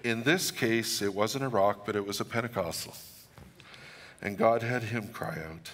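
A man's voice: fairly low pitch, moderate pace, a bit bright, long reverb tail, slight background noise. A middle-aged man preaching a sermon, telling stories with humor and reading scripture dramatically. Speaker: pastor.

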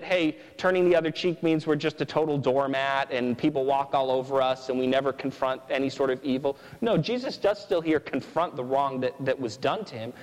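A man's voice: a little high, long reverb tail, low-quality recording. A man preaching a sermon, earnestly explaining scripture and asking "right?" again and again. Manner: earnest, repeats "right?" often.

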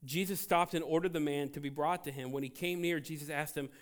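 A man preaching a sermon as pastor, emphatic and animated, swinging between loud outbursts and quiet asides. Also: a little high, brisk. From United States.

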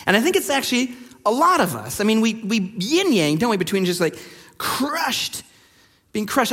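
High-voiced preacher in a reverberant hall. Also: male voice, big pitch swings, moderate pace, fairly bright tone. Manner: conversational storytelling with many fillers. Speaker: pastor. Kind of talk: sermon.

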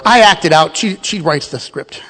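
Preaching a sermon at a moderate pace, a man with a high voice for a man sounds bright and forceful, his words carrying a long reverb from a large hall. His delivery is emphatic and storytelling, though he stumbles on repeated words driving his point.

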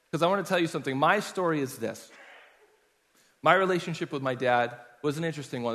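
A man's voice: medium pitch, a bit bright. A man preaching a sermon in a conversational way, telling personal stories to his congregation. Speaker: pastor. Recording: long hall reverb.

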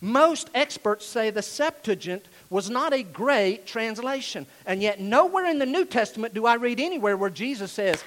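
A man from North Carolina, preaching a sermon emphatically and dropping from loud declarations to hushed asides. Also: high-pitched, animated, moderate pace, few pauses, rough recording. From Asheville, North Carolina, USA. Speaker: pastor.

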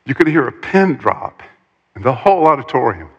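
A man preaching a sermon, retelling a story with animated, dramatic delivery and pauses. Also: medium pitch, in a large hall, muffled recording.

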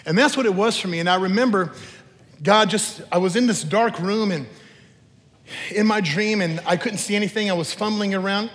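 Preaching a sermon in a large hall with long reverb, a male pastor tells stories conversationally, tossing in teasing asides. His voice is high and a bit bright, and he keeps a moderate pace.

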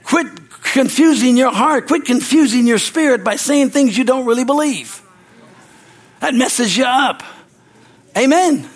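High-voiced older male pastor preaching. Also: expressive, measured pace. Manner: repetitive, asks the congregation "Amen?"; folksy, tells anecdotes with laughter. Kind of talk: sermon.

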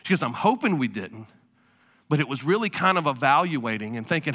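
Bright, high-voiced man preaching. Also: lively intonation, fairly quick. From South Carolina. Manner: conversational storytelling preacher, casual fillers. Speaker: pastor. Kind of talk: sermon.

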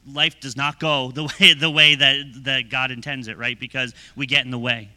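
A young man in his twenties preaching a sermon in a conversational, energetic way, often checking in with "right?" and "okay?". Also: mid-range voice, normal speed. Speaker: pastor.

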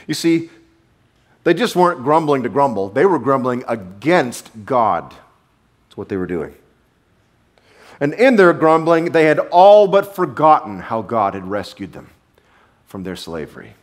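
A male pastor preaching a sermon to his congregation in a church, animated, with sudden drops to a low murmur. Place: church sanctuary.

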